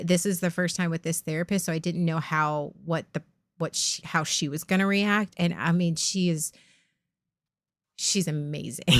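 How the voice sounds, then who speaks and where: Low-voiced woman in her forties. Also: a bit bright, no echo, studio quality. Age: 40s. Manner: candid, rambling, swears freely. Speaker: streamer host. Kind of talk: casual candid chat.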